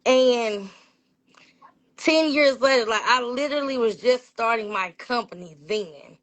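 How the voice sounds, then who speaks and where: A high-pitched woman from Fort Worth, sharing personal stories in a casual interview. She talks in a lively, chatty way, says "y'all", and acts out the voices of people she quotes. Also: measured pace. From Fort Worth, Texas. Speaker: interview guest, PR business owner.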